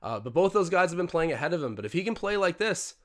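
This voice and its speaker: A young man hosting a live watch-along stream, commentating on a basketball game and getting excitable on big plays. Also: fast talker. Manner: excitable, jumps up in pitch and volume on big plays. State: out of breath. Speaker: livestream host doing game commentary.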